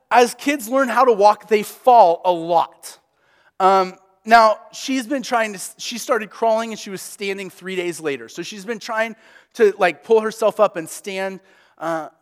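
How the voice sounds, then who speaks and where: A young man preaching a sermon as a pastor, conversational and animated as he tells stories. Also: high-pitched, long reverb tail.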